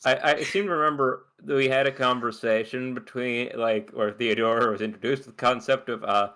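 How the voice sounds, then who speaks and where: A man's voice: mid-range voice, fairly even intonation, brisk, noisy background. A man player chatting casually during a tabletop game, rambling and trailing off mid-thought.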